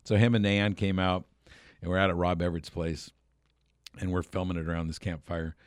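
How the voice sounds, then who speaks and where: A man's voice: low-pitched, flat delivery, fairly quick, clear, resonant tone, no echo, studio quality. A man hosting a radio show, casually telling a rambling story with chuckles and restarts.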